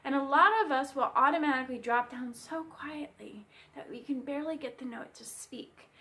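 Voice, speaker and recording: A woman bassoon teacher giving a clear, friendly instructional music lesson.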